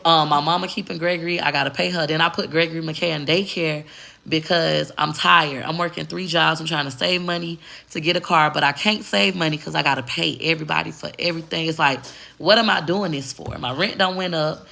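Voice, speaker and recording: A woman's voice: low-pitched, fairly even intonation, a little fast, creaky, pushed and bright. A woman vlogger telling a personal story in a candid, blunt and profane way. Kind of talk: casual storytelling to camera.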